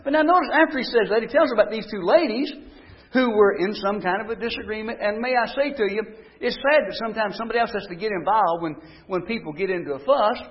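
A man's voice: high voice, fast talker. A man preaching a sermon, telling stories and rising to emphatic declarations. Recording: dull lo-fi recording.

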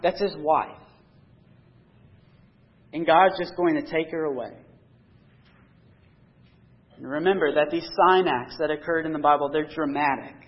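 A man preaching a sermon, reading scripture aloud and explaining it earnestly, pressing harder on key points. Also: on the high side. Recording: dull lo-fi recording.

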